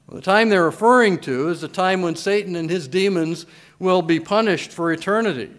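A man's voice: high-pitched, animated, brisk, a bit bright. A man preaching a sermon as pastor, reading scripture with emphatic, swelling delivery. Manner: emphatic scripture reading in old-style wording.

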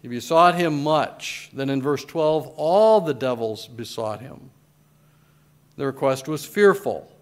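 A man's voice: medium pitch, expressive, slow pace. A man preaching a sermon as pastor, reading scripture with emphatic, swelling delivery. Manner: emphatic scripture reading in old-style wording.

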